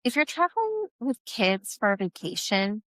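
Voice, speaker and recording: A woman co-hosting a podcast in casual chat, reflective and quick with short agreeing replies. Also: fairly high pitch, sing-song, fairly bright tone, no room sound. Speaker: podcast co-host.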